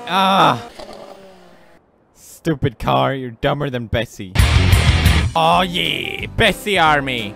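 A young man in his twenties giving loud, goofy, swearing commentary while he plays a game. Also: fairly high pitch, lively intonation, slow, gravelly, pauses often. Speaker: gaming video host. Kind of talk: gameplay commentary. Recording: game music in the background.

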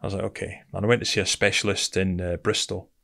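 Gravelly low-voiced British man telling his story. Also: flat delivery, quick pace, a bit bright. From Britain. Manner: blunt, conversational, keeps saying "mate". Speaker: guest, military veteran. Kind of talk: casual storytelling interview.

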